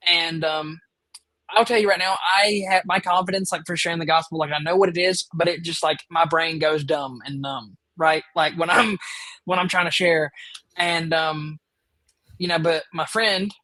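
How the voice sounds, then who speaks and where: Rambling man, fairly high voice. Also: steady tone, normal speed, bright, forceful tone, dry recording, rough recording. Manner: rambling, filler-heavy, eager. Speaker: podcast host. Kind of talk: casual storytelling chat.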